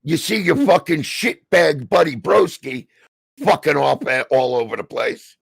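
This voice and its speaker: A middle-aged man with a New Jersey accent, delivering a heated, profanity-filled rant on a stream, stammering and shouting as he goes. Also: on the high side, lively intonation, measured pace, gravelly, breathy edge, dry recording. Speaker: stream co-host. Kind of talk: angry ranting commentary.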